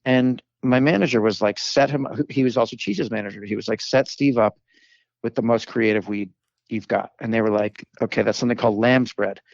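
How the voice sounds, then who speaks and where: A man's voice: fairly low pitch, a little fast, gravelly, no echo, highs cut off. A man, a comedic actor, telling stories as a podcast guest in casual chat, rambling with many fillers and restarts and acting out the people he quotes.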